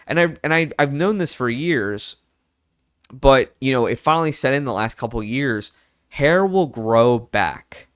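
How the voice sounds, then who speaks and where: A young man talks candidly and loosely to the camera, looping through fillers and quoting his own past thoughts. His voice sits at an average pitch, and the recording is close and dry, with almost no room sound. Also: normal speed, fairly bright tone, clean tone, dry recording. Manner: candid, rambling, lots of fillers and self-quotes. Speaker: vlogger. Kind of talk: personal casual chat.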